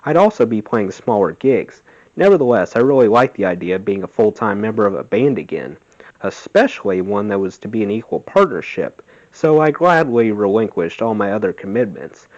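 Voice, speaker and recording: A man reading a memoir aloud in a steady, plain voice. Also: fairly low pitch, a little fast. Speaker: audiobook reader. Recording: dull lo-fi sound.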